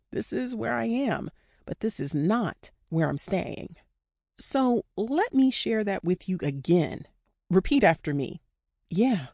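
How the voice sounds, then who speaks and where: A woman's voice: medium pitch, dark tone, dry recording, studio quality. A woman narrating an audiobook in a candid, conversational way with casual slang. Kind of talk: scripted narration.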